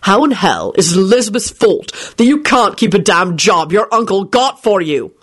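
A woman's voice: mid-range voice, expressive, moderate pace, husky. A woman voicing a grumpy, ill-tempered man who snaps and curses. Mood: irritated. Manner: snapping, cursing, shouting.

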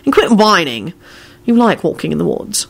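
A woman's voice: fairly low pitch, very animated, moderate pace, vocal fry, slightly rough, full character voice. A woman doing a stern, commanding wizard man. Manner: stern and firm.

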